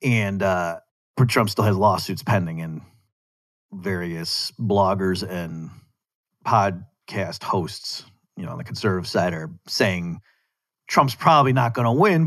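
A man's voice: low-pitched, a little slow, fairly bright tone. Argumentative man hosting a solo podcast. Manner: argumentative, conversational, with rhetorical asides. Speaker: podcast host. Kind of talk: solo political commentary.

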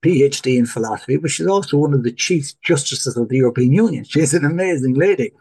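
A middle-aged Irish man, a podcast guest, telling stories in lively fashion and acting out dialogue. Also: medium pitch, fast, vocal fry, husky. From Ireland. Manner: animated, acts out dialogue in his stories. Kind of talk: storytelling in a podcast interview.

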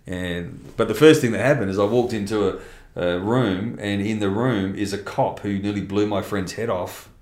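A middle-aged man, appearing as an interview guest, gives a candid personal testimony in conversation. His fairly low, darkish voice moves at normal speed with few pauses in an echoey room, and he's blunt and rambling, restarting sentences and swearing mildly.

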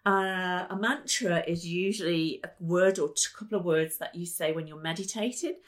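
A woman's voice: lowish voice, normal speed. A woman hosting a podcast as a life coach, talking in an enthusiastic, emphatic and chatty way. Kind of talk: motivational podcast talk.

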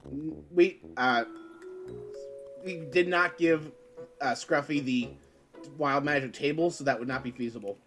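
A man's voice: on the high side, measured pace, long pauses, a bit bright, faint music behind. A man playing a tabletop game, talking casually and rambling with many likes. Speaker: player.

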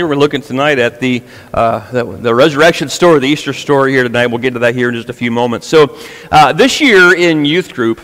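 A man's voice: medium pitch, fairly bright tone. A man preaching an informal sermon to a youth group in a casual, conversational way, often repeating words as he goes. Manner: conversational, with many repetitions and fillers. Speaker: pastor. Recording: church hall with long reverb.

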